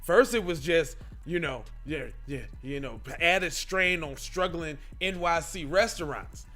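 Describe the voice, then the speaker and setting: Sarcastic podcast host with a high voice. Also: male voice, unhurried, pushed and bright, soft background music. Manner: sarcastic, reads news aloud with mocking asides. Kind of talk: casual comedic commentary.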